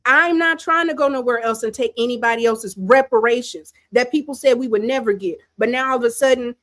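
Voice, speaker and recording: A woman's voice: fairly high pitch, fairly quick. A woman hosting a livestream, giving emphatic, scolding political commentary with turns of phrase. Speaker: livestream host.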